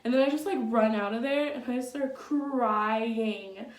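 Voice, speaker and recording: A woman's voice: fairly high pitch, a little slow, recorded from a distance. A young adult woman vlogger telling a casual storytime, chatty and blunt, with lots of fillers and swearing. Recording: echoey room, from off the mic.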